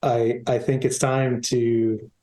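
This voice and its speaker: A man's voice: mid-range voice, flat delivery, slow, warm tone. Hesitant male player in an echoey room. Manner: laid-back, hesitant, full of fillers. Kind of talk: tabletop game play. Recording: roomy echo.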